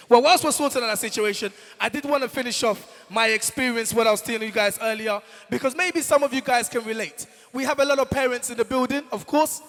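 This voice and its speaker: Man, young, from Congo, stand-up host, very high voice, big hall echo. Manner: animated, addresses the crowd directly. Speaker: comedian host. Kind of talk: stand-up storytelling at a live event. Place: large event hall, on stage. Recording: long hall reverb.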